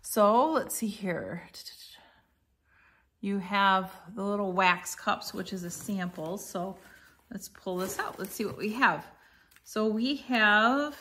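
A woman's voice: medium pitch, fairly bright tone. Middle aged lady rambling thru an unboxing at home, lots of ums and restarts. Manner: chatty, meandering, many fillers and self-corrections. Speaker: vlogger reviewing a subscription box. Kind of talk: casual unboxing chat.

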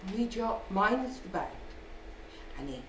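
Scottish woman storyteller, playful live telling; slow, lively pitch, distant roomy hall sound. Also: a little hiss or hum. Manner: playful, with asides and laughter. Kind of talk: live folk tale telling. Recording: echoey hall from far off.

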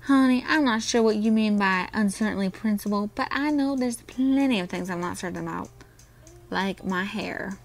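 A woman's voice: mid-range voice, moderate pace, soft background music, lightly acted. Woman doing a chatty southern waitress. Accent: attempted Southern US drawl. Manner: chatty, teasing.

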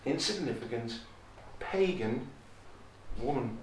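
A man's voice: mid-range voice, lively intonation, slow pace, slight background noise. A man preaching a sermon, emphatic, repeating key phrases and raising his voice when he quotes scripture. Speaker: visiting preacher. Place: chapel. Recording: echoey chapel, from far off.

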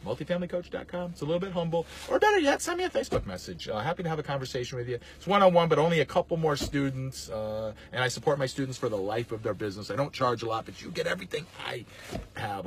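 A man, a landlord and coach, rambling in a casual, salesy pitch to camera. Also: slight background noise. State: out of breath. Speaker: landlord and real estate coach.

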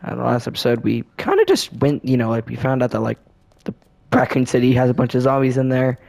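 A man's voice: mid-range voice, big pitch swings, fast talker, vocal fry, darkish tone. A man hosting a casual let's play commentary, rambling and laid-back with lots of filler words. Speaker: gaming channel host.

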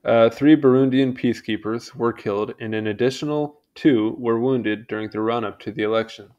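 A man's voice: mid-range voice, a little mellow. A man casually reading a history article aloud, stumbling over names and adding chatty asides. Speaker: channel host reading aloud.

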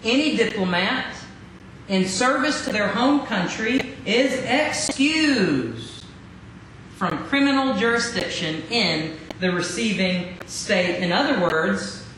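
A man preaching a sermon as pastor, dramatic, with rhetorical questions and drawn-out emphasis. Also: sits high, lively intonation, fairly bright tone. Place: church sanctuary. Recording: very echoey hall, faint noise.

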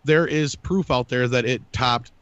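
A man's voice: mid-range voice, a little slow, fairly bright tone, clean tone, dry recording, lo-fi sound. A man hosting a casual online panel chat, blunt and steering the talk along, swearing now and then.

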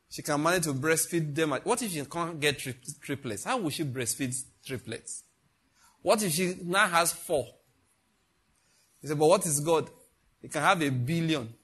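A man preaching a prayer sermon, slowing down to recite scripture and rising to loud, high exhortation. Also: husky. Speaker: pastor. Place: church service, streamed.

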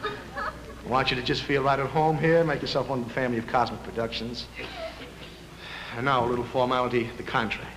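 A man playing a smooth, fake-friendly male movie studio boss who mumbles through legal jargon in a 1940s live TV sketch. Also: medium pitch, steady tone, a little fast, pauses often, lightly acted. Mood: glib. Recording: echoey theater hall, noisy old broadcast.

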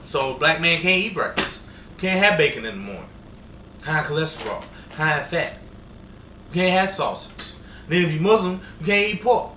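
A man giving a deadpan, rambling explanation while eating. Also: fairly high pitch, reverberant, distant mic, a little hiss or hum, rough recording. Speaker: man on the street.

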